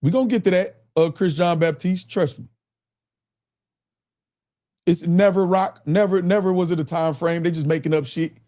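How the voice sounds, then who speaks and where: A man from Michigan with a Michigan accent hosting a live stream, reading chat aloud and asking his questions again and again in animated casual commentary. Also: high voice, moderate pace, pauses often. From Michigan, US Midwest. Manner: animated, keeps repeating his questions, reads chat aloud, laughs often.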